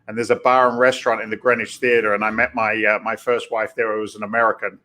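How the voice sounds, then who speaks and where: Bright-voiced man telling stories. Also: lowish voice, fast. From England. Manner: storytelling, animated and jokey. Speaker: real estate investor guest. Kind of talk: casual podcast interview.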